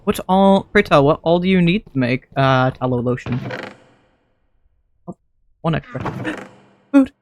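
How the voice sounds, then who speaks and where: A man's voice: fairly high pitch, expressive, unhurried, long pauses, a little hiss or hum. A man streaming a modded game, chatting casually and thinking aloud to himself as he plays. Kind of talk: casual gameplay commentary.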